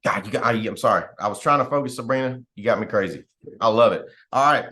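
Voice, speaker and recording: A man's voice: on the low side, fast talker. A man leading a team call, giving a fired-up motivational talk, acting out what other people say and laughing often. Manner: animated, acts out quoted people; laughs often, rambling restarts. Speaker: team leader hosting a call.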